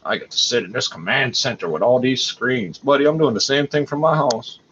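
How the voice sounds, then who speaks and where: A man's voice: mid-range voice, brisk, fairly bright tone. A man at home hosting a livestream, rambling in an agitated, profane way. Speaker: livestream host. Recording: dull lo-fi audio with faint noise.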